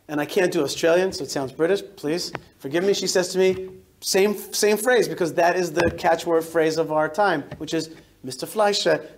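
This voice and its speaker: A man in his forties, a rabbi giving a lively storytelling talk to a synagogue congregation, often restarting and repeating words. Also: sits high, a little hiss or hum. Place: synagogue hall.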